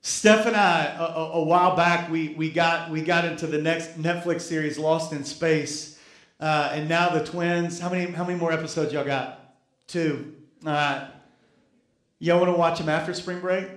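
A man's voice: on the high side, steady tone, normal speed, a bit bright, roomy sound. A male pastor preaching a sermon, repeating key phrases and calling on the congregation to respond. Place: church sanctuary.

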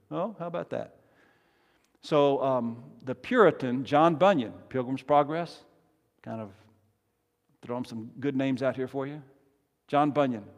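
A man preaching a sermon as pastor, emphatic and swinging from soft to loud, leading his congregation in call-and-response. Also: medium pitch. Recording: long reverb of a large hall.

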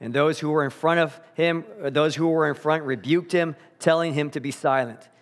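A man preaching a sermon, earnest and emphatic, slowing down to repeat key phrases, in a church sanctuary. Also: fairly high pitch. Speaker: pastor. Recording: long hall reverb.

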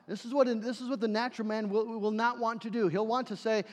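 A man preaching a sermon as a pastor, earnest, swinging between forceful passages and hushed ones. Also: sits high, fast, few pauses. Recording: long reverb of a large hall.

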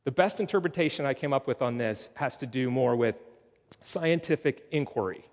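A man's voice: mid-range voice, lively intonation, normal speed, big-room sound. A man giving a teaching sermon, explaining words and ideas step by step, with rising emphasis on key points. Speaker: preacher.

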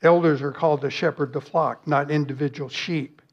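A man's voice: fairly high pitch, fairly even intonation, moderate pace, muffled recording. A man preaching a sermon as pastor, earnest and emphatic, with rhetorical questions and lists.

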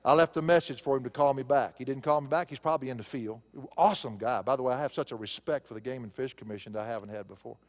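A man's voice: medium pitch, rapid-fire, hardly any pauses, in a large hall. A male pastor preaching a sermon, telling a personal story in a conversational way and rising to emphatic preaching.

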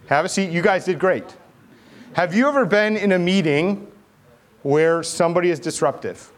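Animated man preaching a sermon. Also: sits high, moderate pace. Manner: animated, acts out voices, asks the crowd questions. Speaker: pastor.

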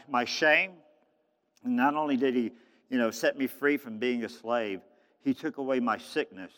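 A man preaching a sermon as pastor, swinging between hushed, low passages and loud, high calls. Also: long reverb tail.

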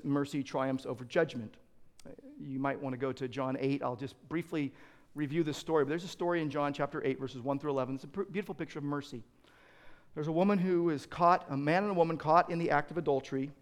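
A man pastor preaching a sermon, earnest and emphatic, building to loud peaks and repeating words as he restarts. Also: fairly high pitch.

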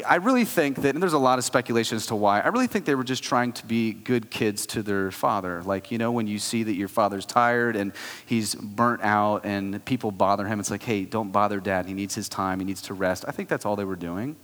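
A man in his thirties preaching a sermon as a pastor, talking in a conversational, animated way with frequent asides. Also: on the low side, fairly quick. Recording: long hall reverb.

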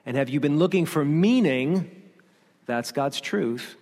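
A man preaching from the pulpit in a slightly higher-than-usual voice, driving his points home with repeated refrains and rhetorical questions. His voice rings out with a long reverb, as in a large church sanctuary. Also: lively intonation, measured pace, a little mellow. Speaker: pastor. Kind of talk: sermon.

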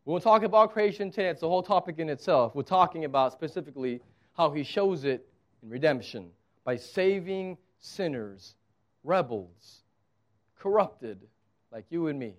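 Man, pastor, sermon, conversational, humorous, emphatic, high voice. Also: lively intonation, normal speed.

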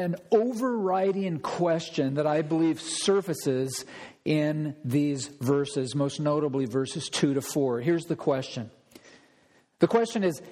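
A man's voice: a little high, darkish tone. A man preaching an expository sermon as pastor, speaking emphatically and acting out pleading prayers. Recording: long hall reverb.

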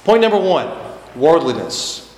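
A man's voice: a little high, very animated, unhurried, a little mellow. A man preaching a sermon as pastor, stressing points by repeating them. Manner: emphatic, repeats key phrases for stress. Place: church sanctuary. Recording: echoey church hall with faint noise.

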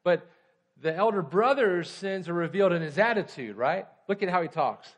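A pastor preaching a conversational sermon, often checking in with the congregation. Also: male voice, high-pitched, lively intonation, normal speed.

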